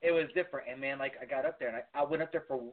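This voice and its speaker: A man's voice: medium pitch, fairly even intonation, very fast. A man, a podcast guest telling stories in an emphatic, rambling way. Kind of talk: casual chat. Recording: tinny phone-like line.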